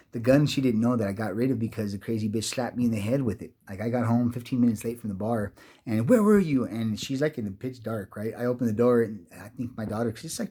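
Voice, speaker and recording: A man's voice: mid-range voice, a little mellow, slight background noise. A man telling a personal story in a rambling, profane monologue, agitated and often restarting mid-sentence. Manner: profane, agitated, many restarts and repeated words.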